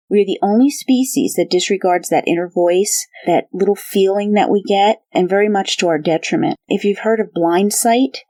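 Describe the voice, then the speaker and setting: A woman's voice: mid-range voice, warm tone, dry recording. A woman co-hosting a true crime podcast, explaining a case and urging listeners to trust their instincts. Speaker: podcast co-host. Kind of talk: true crime book discussion.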